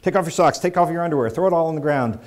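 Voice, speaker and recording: A man's voice: on the high side, rapid-fire, voice pushed up, close to an everyday voice. A man acting out a bossy young male Marine lance corporal snapping orders in a retold story. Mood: commanding. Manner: clipped commands, profane.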